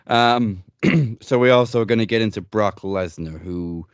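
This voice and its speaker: A man hosting a casual wrestling news podcast, opinionated and quick to swear in passing. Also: on the low side, clear, resonant tone, no room sound. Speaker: host.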